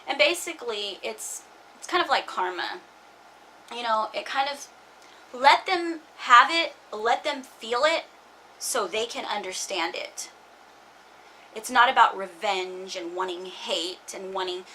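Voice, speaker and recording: A woman's voice: a little high, lively intonation, slow, bright, forceful tone, slight background noise, low-quality recording. A woman in her forties talks through her frustrations in a casual vlog, in loose run-on asides, and reads scripture now and then. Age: 40s. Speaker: vlogger.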